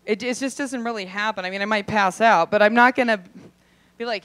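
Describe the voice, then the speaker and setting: A young adult woman performing a brash, profane stand-up set, acting out quick voices in her asides. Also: medium pitch, fairly bright tone. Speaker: stand-up comedian. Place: comedy club stage.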